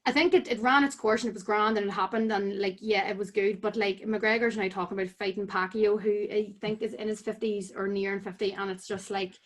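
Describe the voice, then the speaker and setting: A woman's voice: mid-range voice, steady tone, fairly quick, hardly any pauses. A young woman with a Northern Irish accent, chatting casually as a podcast guest, full of "like" fillers. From Tyrone, Northern Ireland. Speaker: podcast guest, amateur boxer. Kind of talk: casual chat.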